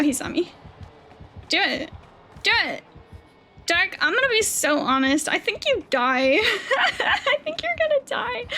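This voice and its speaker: A woman streaming a game live, chatting with teammates in an excitable way, swearing and squealing. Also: sits high, a little hiss or hum. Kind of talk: live gameplay chat with teammates.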